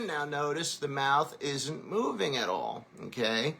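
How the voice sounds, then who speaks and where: A man's voice: on the high side, expressive, moderate pace, gravelly, bright, forceful tone, faint music behind. A man teaching a singing lesson, explaining technique and then singing short vowel drills to demonstrate. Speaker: vocal coach.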